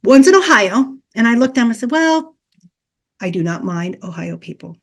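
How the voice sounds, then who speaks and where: A woman's voice: on the high side, very animated, normal speed. A middle-aged woman, a Reiki teacher as guest on a podcast, earnestly telling a personal story and acting out past conversations as dialogue.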